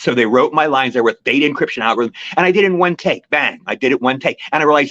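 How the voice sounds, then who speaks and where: A man's voice: medium pitch, very fast, few pauses, fairly bright tone, dry recording. An older man, an actor guest on an interview show, telling long rambling anecdotes in casual chat. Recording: dry, slightly muffled lo-fi recording.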